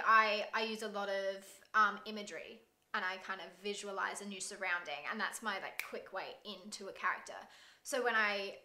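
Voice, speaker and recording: Brief: young-sounding female actor, very bright tone, casual, upbeat. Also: mid-range voice. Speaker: actor playing a historical character. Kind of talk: conversational interview. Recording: echoey room.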